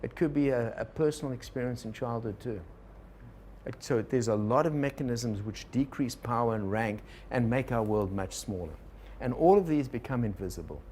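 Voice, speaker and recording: A man teaching a workshop to a live group, relaxed and digressive, often turning to the audience with questions. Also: medium pitch, moderate pace, a little hiss or hum. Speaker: organizational consultant teaching a workshop.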